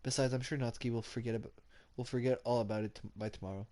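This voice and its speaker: A man reading the lines of a gentle, soft-spoken teenage girl club president in a dating game, in a mild, apologetic way. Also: medium pitch, steady tone, rapid-fire, lightly acted.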